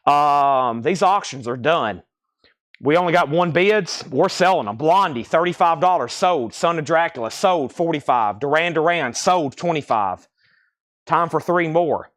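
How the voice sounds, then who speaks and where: A man hosting a live record sale stream, briskly calling out titles and prices, slightly out of breath. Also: a little high, animated, fairly bright tone, no echo, clean studio sound. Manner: brisk auctioneer-style patter, calling out prices.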